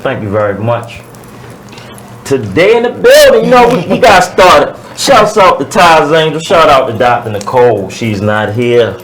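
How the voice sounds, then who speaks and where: A man hosting an internet radio talk show, opening the episode in a laid-back way and shouting out friends. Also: medium pitch, big pitch swings, moderate pace, low-quality recording.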